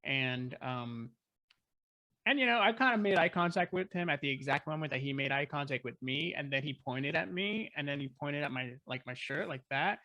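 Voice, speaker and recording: A man chatting as an interview guest, telling a story in an excited, rambling way with lots of fillers. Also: a little high, moderate pace, dry recording. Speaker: guest filmmaker. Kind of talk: casual storytelling.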